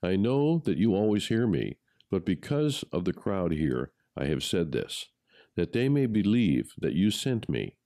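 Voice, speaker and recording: A man reading a gospel passage aloud in a measured, solemn way. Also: sits low, very animated, dark tone, no echo, clean studio sound. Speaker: gospel reader. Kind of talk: scripture reading.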